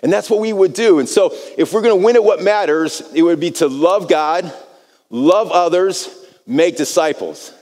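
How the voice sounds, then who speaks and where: Animated pastor preaching in a reverberant hall. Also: male voice, high-pitched, normal speed. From United States. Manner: animated storytelling, repeats words when starting phrases. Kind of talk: sermon with personal story.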